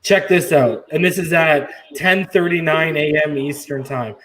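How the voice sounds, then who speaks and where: A man co-hosting a casual sports podcast, emphatic and slowing down to stress his points. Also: a little high, a bit bright, rough recording. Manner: emphatic, slows down to drive points home. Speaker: podcast co-host.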